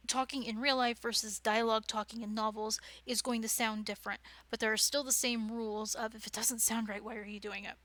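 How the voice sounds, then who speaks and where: Casting: woman workshop presenter, chatty and keen, bright voice, slightly high, dry close sound. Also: dry recording. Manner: chatty, digressive, enthusiastic. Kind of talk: informal lecture.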